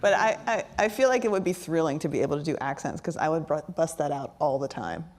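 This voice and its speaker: Woman interviewer, lower register, friendly and conversational onstage questions. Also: animated, fast talker, darkish tone. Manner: chatty, laughs often, asks questions. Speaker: interviewer, culture reporter.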